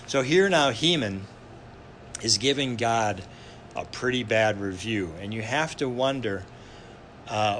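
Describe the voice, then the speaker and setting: Male pastor, very slow sermon delivery, pausing often, slight room ambience. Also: fairly low pitch, a bit bright, slight background noise. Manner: slow and deliberate, with frequent "uh" pauses.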